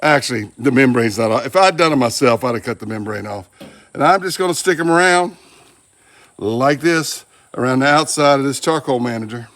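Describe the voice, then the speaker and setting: A man's voice: mid-range voice, a little fast, fairly bright tone. Folksy man at the grill. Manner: folksy, joking asides while working the grill. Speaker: barbecue channel host. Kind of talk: casual cooking demonstration. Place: outdoors at a kettle grill.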